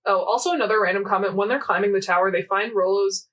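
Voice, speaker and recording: A woman's voice: medium pitch, steady tone, fast talker, a bit bright, recorded from a distance. A young woman co-hosting a casual podcast, rambling animatedly through a story recap with lots of fillers and quoted lines. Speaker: podcast co-host. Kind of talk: casual chat recapping a game event.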